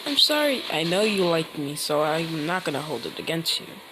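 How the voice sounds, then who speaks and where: A woman voicing a shy, sweet young ninja girl in a high, meek and polite voice, with food sizzling in a pan behind her. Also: big pitch swings, normal speed, very noisy.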